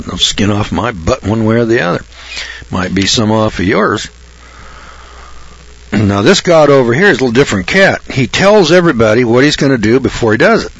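Blunt, folksy male preacher; husky, somewhat low, dry close sound. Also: lively intonation, a little fast, pauses often, no room sound. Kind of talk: folksy Bible sermon. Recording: dull lo-fi recording.

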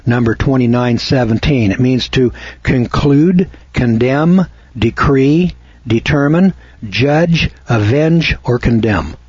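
American man, husky, unhurried preachy monologue host, dull dry lo-fi sound. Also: medium pitch, animated, darkish tone, no room sound. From United States. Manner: slow, deliberate, spells words out letter by letter; preachy, cites scripture references. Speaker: commentator. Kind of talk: opinionated monologue.

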